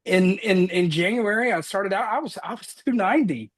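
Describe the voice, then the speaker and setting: A man in his thirties giving an earnest motivational talk, energetic as he tells personal stories on a call. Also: high voice, moderate pace. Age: 30s. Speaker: motivational speaker.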